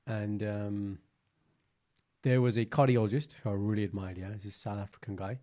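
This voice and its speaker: A man, co-hosting a podcast in a chatty, animated storytelling way with lots of fillers. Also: lowish voice, moderate pace. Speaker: podcast co-host. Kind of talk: casual chat.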